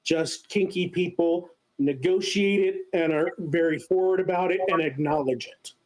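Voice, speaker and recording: A man giving a casual explanatory lecture as a guest speaker, often pausing on filler sounds. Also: sits high, darkish tone, low-quality recording.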